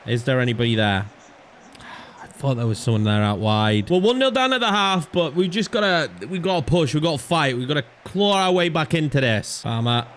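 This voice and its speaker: Young male gaming creator, higher voice, casual running commentary with bursts of frantic pleading. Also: a little fast, a little hiss or hum. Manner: chatty, swings from calm to frantic pleading. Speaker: gaming YouTuber. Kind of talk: live gameplay commentary.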